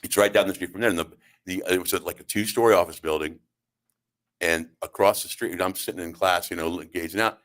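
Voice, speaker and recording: A middle-aged man hosting a talk radio show, telling comic stories in a rambling, halting way and acting out the quotes. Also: sits low, steady tone, a bit bright. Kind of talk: comedic storytelling on talk radio. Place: radio studio.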